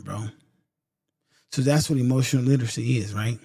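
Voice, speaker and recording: Mellow-voiced man giving an emphatic pep talk. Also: medium pitch, normal speed, long pauses, no room sound, clean studio sound. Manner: emphatic, repeats points for stress; casual, addresses listeners directly as y'all. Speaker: podcast host. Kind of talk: motivational talk to listeners.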